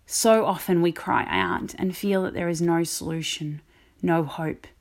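A woman vicar giving a reflective, measured sermon. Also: lowish voice, animated.

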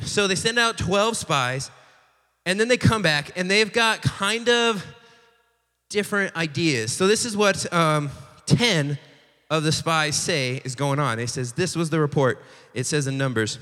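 A young man giving a casual, joking sermon, acting out the quotes in a lively storytelling way. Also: medium pitch, normal speed. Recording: long reverb of a large hall.

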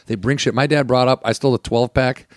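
A man in his forties swaps stories in relaxed, profane chat and throws himself into acting out every quote. His voice sits at an everyday middle pitch, picked up close and dry in a studio with no room sound around it. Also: fast, no room sound. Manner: profane, animated storytelling with acted quotes. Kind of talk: casual chat.

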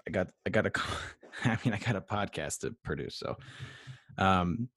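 A young man with a deep, low voice rambles through a solo sports podcast, full of "um"s and "I mean"s and dry jokes at his own expense. The sound is close and dry, with no room around it. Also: lively intonation, moderate pace, a bit bright, no room sound. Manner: rambling, filler-heavy, self-deprecating. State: out of breath. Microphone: USB microphone.

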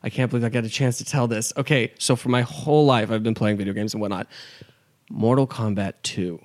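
A man's voice: mid-range voice, steady tone, brisk, a little mellow. A man talking as a podcast guest, telling stories eagerly and laughing along. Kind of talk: casual chat.

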